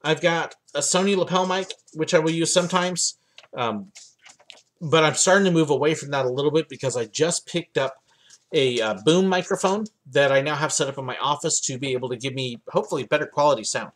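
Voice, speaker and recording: A man's voice: fairly high pitch, a little fast, fairly bright tone. A young man from the United States hosting a livestream Q&A from his home office, chatting casually with lots of ums and uhs. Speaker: livestream host answering viewer questions.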